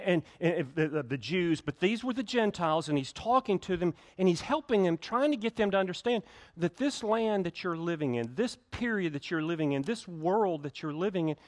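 Preaching to his church in the sanctuary, a male pastor with a high, expressive voice talks at normal speed. His conversational sermon features frequent restarts and quotes he acts out.

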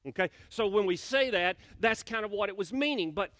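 A man's voice: high-pitched, expressive, fairly quick, fairly bright tone, no room sound. A male pastor preaching a sermon in a church, talking conversationally, repeating words and asking the congregation questions. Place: church sanctuary.

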